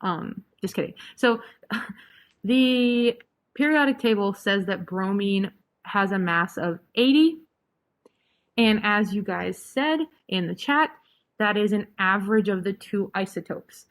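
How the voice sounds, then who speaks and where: A young woman runs a live online chemistry review in a relaxed, chatty way. She teases her students with dry sarcasm, then goes right back to plain explaining. Her voice sits at an ordinary middle pitch. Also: takes it slowly. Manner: casual, chatty, joking sarcasm. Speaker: chemistry tutor.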